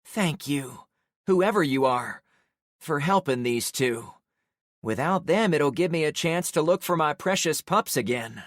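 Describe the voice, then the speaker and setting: Frail elderly woman, gentle drawl, resigned, raised pitch, man reading, dry audiobook. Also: animated, measured pace, no room sound. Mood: grateful. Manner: folksy drawl, weary and gentle.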